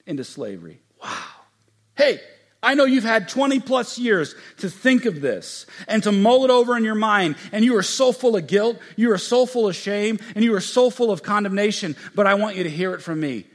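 A man preaching a sermon as a pastor. He swings from hushed, intimate passages to loud, emphatic ones and acts out quoted lines slowly and with stress. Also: high voice, expressive. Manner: acts out quoted speech with slow, drawn-out emphasis.

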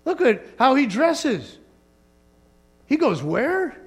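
A man's voice: extremely high pitch, huge pitch swings, takes it slowly, voice pushed up, full character voice. A man doing a scandalized gossiping churchgoer. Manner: incredulous, scandalized.

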